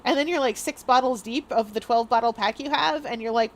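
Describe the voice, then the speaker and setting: A woman's voice: a little high, a little fast. A woman streamer talks casually to her chat. She is bubbly and rambling and breaks into laughter often. Her voice sits a little above the usual.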